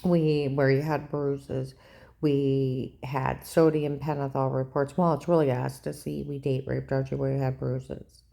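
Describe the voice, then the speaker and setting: A woman's voice: rumbling low, little pitch movement, measured pace, gravelly, warm tone. An older woman in a rambling, agitated personal monologue, repeating herself and often asking "okay?". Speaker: vlogger.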